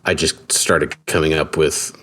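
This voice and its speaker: Very deep-voiced man, relaxed and self-deprecating. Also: measured pace. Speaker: guest guitar builder. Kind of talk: casual interview conversation.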